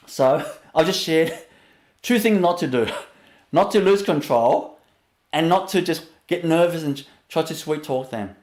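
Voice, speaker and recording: A man teaching in a spiritual webinar talk, his fairly high voice broken by frequent little laughs. He drops into a soft, hushed register when he shows what calm sounds like. The sound carries a noticeable room echo. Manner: laughs often between phrases, drops to a soft low voice to show calm.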